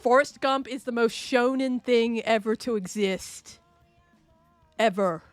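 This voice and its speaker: Playful slow-talking woman streamer. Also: fairly high pitch, no room sound, faint music behind. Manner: playful, rambling, laughs often, answers chat. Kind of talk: casual live-stream chat.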